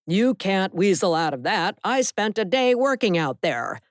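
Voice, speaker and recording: A woman's voice: mid-range voice, big pitch swings, a little slow, no echo, clean studio sound. A woman voicing a nervous, defensive male surveyor who protests at being used in an audiobook. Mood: protesting. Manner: protesting, flustered.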